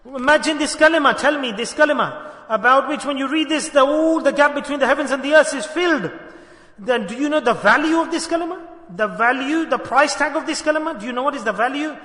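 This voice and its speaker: A man's voice: very high voice, quick pace, pushed and bright. A man preaching a sermon to a dhikr gathering, earnest and repetitive, questioning his listeners and mixing in Arabic devotional phrases. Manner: earnest, repeats phrases, asks the audience questions. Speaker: Sufi sheikh teaching a dhikr gathering. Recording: echoey hall with long reverb.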